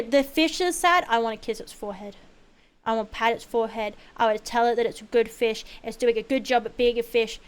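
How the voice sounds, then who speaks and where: A woman streamer chatting casually while gaming, rambling and expressive, with lots of fillers and swearing. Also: a little high, clear, resonant tone.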